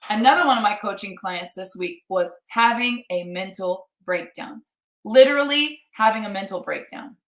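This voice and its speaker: A woman's voice: medium pitch, lively intonation, normal speed, fairly bright tone. Earnest woman coaching in a roomy space. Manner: earnest, emphatic, repeats for effect. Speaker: life coach. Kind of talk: motivational live talk.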